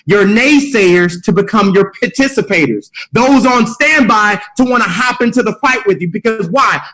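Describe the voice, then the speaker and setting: A man's voice: sits high, fairly bright tone, low-quality recording. A middle-aged man leading a motivational call, preachy and rallying, repeating his key phrases. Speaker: mentorship call leader.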